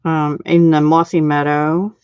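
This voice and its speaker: A woman's voice: low voice, level tone, a little slow, a little mellow, clean tone, no room sound. A middle-aged woman hosting a card-making live stream, chatting casually and laughing at her own slips. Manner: chatty, self-deprecating, laughs often. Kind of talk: casual crafting demo chat. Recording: dull lo-fi sound.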